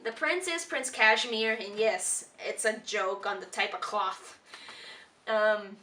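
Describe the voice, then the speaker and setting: Chatty woman vlogger, bright and distant. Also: slow pace. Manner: rambling with many ums and restarts; quotes characters in high playful voices. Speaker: vlogger reviewing a cartoon. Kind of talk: casual commentary.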